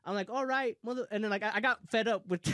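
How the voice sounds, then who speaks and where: A young man casually telling a heated story among friends, profane and animated, often laughing. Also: sits high, moderate pace, no echo, studio quality.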